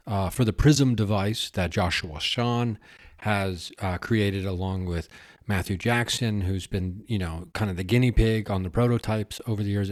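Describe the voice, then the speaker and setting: A man hosting a podcast, rambling and chatty in a casual solo monologue, laughing at himself and swearing now and then. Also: on the low side. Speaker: podcast host.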